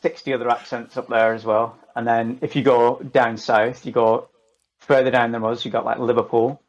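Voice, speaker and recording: A man from northern England with a Lancashire accent, middle-aged, talking as a podcast guest. He keeps it casual and jokey, with the odd swear word dropped in, at an ordinary pitch for a man. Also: level tone, normal speed, dull audio. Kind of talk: casual chat.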